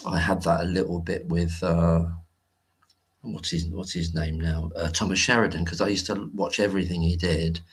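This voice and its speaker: Low, husky-voiced man hosting a casual livestream. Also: level tone, moderate pace. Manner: rambling, hesitant, greets chat viewers warmly. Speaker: livestream host. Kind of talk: casual live-stream chat.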